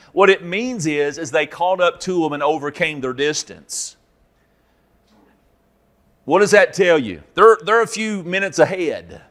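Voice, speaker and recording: Animated preacher man. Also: a little high. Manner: animated storytelling, acting out characters with sudden loud shouts. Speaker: pastor. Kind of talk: sermon teaching.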